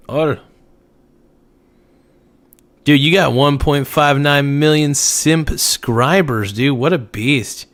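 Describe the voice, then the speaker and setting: A man's voice: medium pitch, steady tone, fairly bright tone. A man hosting a casual livestream, reading out viewer comments and joking back with sudden outbursts. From United States. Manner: joking, riffing, slow drawl with sudden outbursts. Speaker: livestream host.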